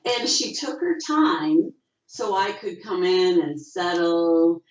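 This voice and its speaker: Low-voiced actress on a video call. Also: female voice, slow pace. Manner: animated storyteller, acts out quotes with rising pitch. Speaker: actress, interview guest. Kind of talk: casual interview over video call. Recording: dull, roomy video call audio.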